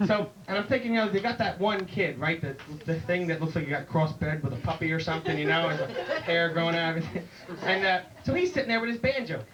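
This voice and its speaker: Rambling high-voiced man doing stand-up. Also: fast, far from the mic, a crowd in the background. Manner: rambling, jumps into high excited voices for punchlines. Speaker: stand-up comedian and emcee. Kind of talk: stand-up comedy. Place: comedy club stage.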